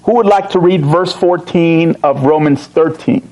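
A man teaching a Bible study, reading verses slowly and stressing key words, with joking asides to his class. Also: on the high side, a little mellow, poor audio. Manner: emphatic, slows to read verses, joking asides.

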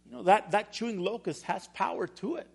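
A man's voice: sits high, fairly quick, creaky, darkish tone, slightly rough. A man pastor preaching a sermon in church, firing rhetorical questions with emphasis.

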